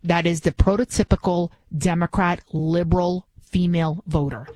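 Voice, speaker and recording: A woman's voice: lowish voice, steady tone, moderate pace, a little mellow, no echo, low-quality recording. Indignant woman radio host, dry sound. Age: 40s. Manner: indignant, ranting. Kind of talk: talk radio monologue.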